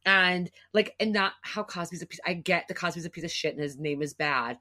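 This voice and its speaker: A woman's voice: fairly low pitch, a little fast, sharp tone. A middle-aged woman hosting a podcast, talking in an emotional, rambling way and swearing freely. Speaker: podcast host. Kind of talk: casual podcast conversation.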